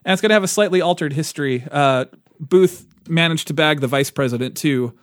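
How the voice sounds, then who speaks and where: A man's voice: fairly high pitch, fairly quick, dry recording, clean studio sound. A man co-hosting a podcast, chatting casually about board game news, laughing often and restarting his sentences. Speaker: podcast co-host.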